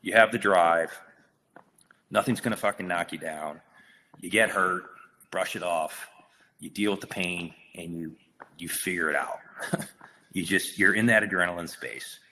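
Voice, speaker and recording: A man's voice: low-pitched, a little slow, pauses often, pushed and bright. A male actor, a guest on a podcast, telling a story in casual, profane talk full of restarts. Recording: long reverb hall with faint noise.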